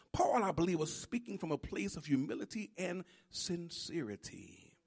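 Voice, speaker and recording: A male preacher delivering a sermon, swinging between hushed teaching and shouted, emphatic preaching with repeated phrases. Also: high voice, gravelly, slightly rough.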